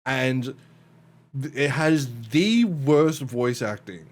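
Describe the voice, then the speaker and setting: A man's voice: medium pitch, lively intonation, takes it slowly. Young male host, casual rambling chat, frequent swearing. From Australia. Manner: swearing, laughing, tangents. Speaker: podcast host.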